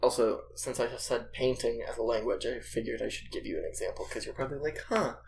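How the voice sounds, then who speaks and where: A man's voice: mid-range voice, fast talker, vocal fry, slight background noise. A man in a casual discussion, explaining ideas at length and in a lecturing way, with many filler words.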